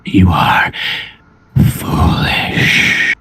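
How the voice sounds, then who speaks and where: A man voicing a menacing armored male brute in a slow, deep, gravelly whisper. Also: sharp tone, a little hiss or hum. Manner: slow, cold and measured.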